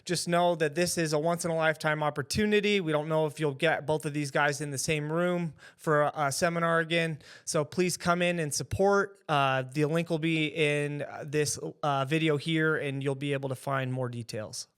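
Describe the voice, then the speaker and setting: A man's voice: a little high, fairly even intonation, moderate pace, few pauses, fairly bright tone, clear, resonant tone. A man hosting a podcast interview, giving short supportive replies. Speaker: podcast host.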